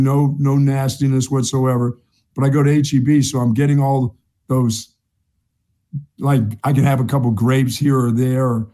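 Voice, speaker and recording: A middle-aged man co-hosting a sports talk show tells a long story in a chatty, casual way, repeating himself and laughing at his own tale. His voice is mid-range with a warm tone.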